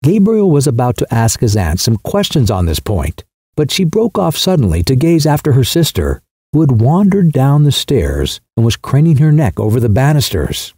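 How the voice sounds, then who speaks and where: A man's voice: medium pitch, big pitch swings, moderate pace, dark tone, husky, no room sound, studio quality. A man narrating a literary short story as an audiobook, shifting his voice for the characters.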